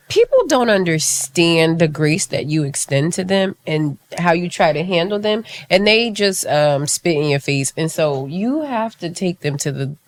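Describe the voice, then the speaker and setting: Woman, very low voice, lively swinging pitch, blunt profane rant. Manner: emphatic and profane.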